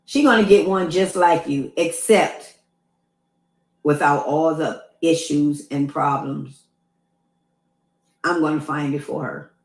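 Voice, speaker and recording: A woman's voice: low voice, slow pace, pauses often, roomy sound. A woman doing crude, teasing banter in a casual reaction chat.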